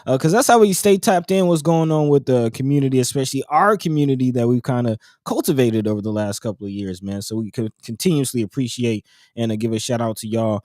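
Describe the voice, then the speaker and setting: A man co-hosting a community talk show, in casual, rambling chat with many fillers and soft laughs. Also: medium pitch, fast, no room sound, clean studio sound.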